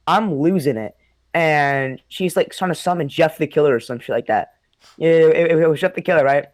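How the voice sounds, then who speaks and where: A man's voice: a little high, expressive, normal speed, dry recording. A young man casually telling a spooky childhood story, rambling, swearing a lot and laughing often. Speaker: host.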